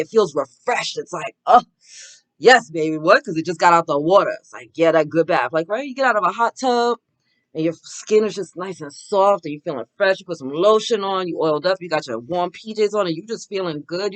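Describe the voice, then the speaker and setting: A woman's voice: fairly low pitch, dry recording. A woman hosting a spiritual card reading talks in an emphatic, casual way. She piles up repeated affirmations, swears freely and calls her listeners "baby". Her voice is recorded dry and close, with no room sound. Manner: emphatic, repeats affirmations, often asks "right?". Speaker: oracle card reader and host. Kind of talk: spiritual pep talk, casual.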